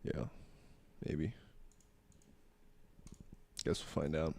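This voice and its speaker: A laid-back Australian man talking to his live chat, his lowish voice swinging up and down with lively energy. He is at the tail end of a cold. The sound is dry and close, with no room around it. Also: a little slow, long pauses, no room sound. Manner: laid-back, chatty, greeting chat by name. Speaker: streamer. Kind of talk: casual livestream chat.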